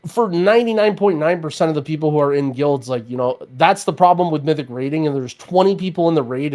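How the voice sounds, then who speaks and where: Animated young man ranting about raids. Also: fairly high pitch. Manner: animated, ranting, many restarts and fillers. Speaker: podcast co-host. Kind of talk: casual gaming chat.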